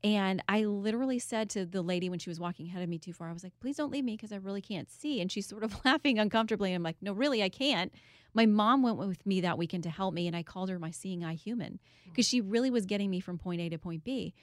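A woman's voice: medium pitch, quick pace, a little mellow, dry recording, studio quality. A woman guest in an interview, telling a personal story in an earnest, candid way with occasional laughs. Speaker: guest, author and TV host.

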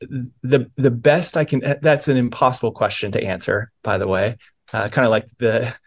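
A man's voice: mid-range voice, steady tone, normal speed. A middle-aged man, a pastor and podcast guest, tells his faith story in an earnest way, with many small restarts. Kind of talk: reflective faith testimony.

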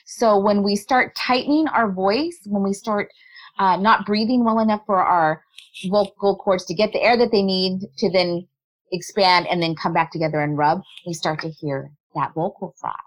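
A woman in a remote interview, a body language specialist, explaining her points in a lively way and laughing often. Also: medium pitch, normal speed, rough recording. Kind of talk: conversational interview.

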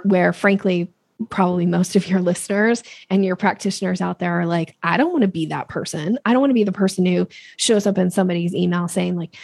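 Husky gravelly woman, lively coach. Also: moderate pace, no echo, clean studio sound. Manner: animated, acts out quoted voices with big pitch jumps. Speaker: sales coach guest. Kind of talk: podcast interview talk.

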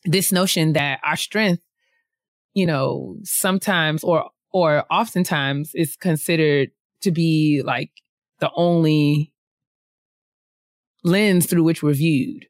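Halting woman with a smooth voice. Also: low-pitched, dry recording, clean studio sound. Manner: halting, many fillers and restarts, laughs often. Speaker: book club co-host. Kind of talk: casual podcast book discussion.

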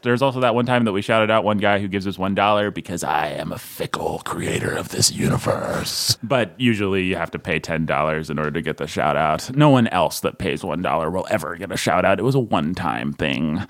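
A man hosting a podcast in casual chat, joking around, rambling and correcting himself as he goes. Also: fairly low pitch. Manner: jokey, rambling, self-correcting. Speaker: podcast host.

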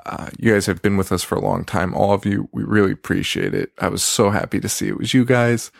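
Low gravelly man talking half-quiet. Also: fairly even intonation, no echo, studio quality. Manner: rambling, self-deprecating, quick with fillers. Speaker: podcast host. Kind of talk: casual solo podcast chat.

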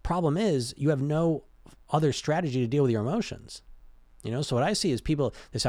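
A man's voice: on the high side, animated, brisk, a little mellow, no echo. Chatty man coaching in a dry room. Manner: conversational, keeps asking "right?" and "you know?"; restarts and repeats words mid-sentence. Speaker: weight-loss coach. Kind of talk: casual motivational talk.

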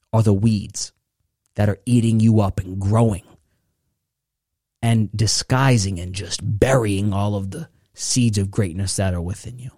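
A man hosting a motivational podcast, speaking in a preachy way that keeps building excitement. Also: fairly low pitch, no room sound, studio quality. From New York. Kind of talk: motivational speech.

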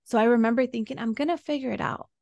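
Her voice a little high, gravelly and slightly mellow, a woman talks fast while telling a podcast interviewer about a painful part of her life, earnest and emotional. She's a guest there as a women's soul embodiment coach; the studio recording is dry.

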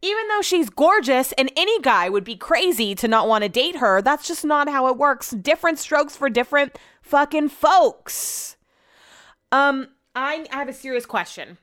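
A woman hosting a casual solo podcast, talking in an animated, chatty way and swearing freely. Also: sits high, moderate pace, dry recording, studio quality. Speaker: podcast host.

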